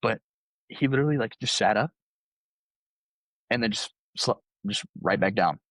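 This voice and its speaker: A man's voice: fairly low pitch, animated, normal speed, a bit bright, dry recording. Laid-back young man telling stories. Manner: laid-back, lots of "like", acts out quotes. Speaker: podcast guest, college baseball player. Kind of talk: casual storytelling.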